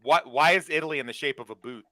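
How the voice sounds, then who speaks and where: A man's voice: on the high side, fast talker, no echo. A man telling jokes on a casual stream, acting out the characters' lines as he goes. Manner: animated storyteller, acts out characters' lines.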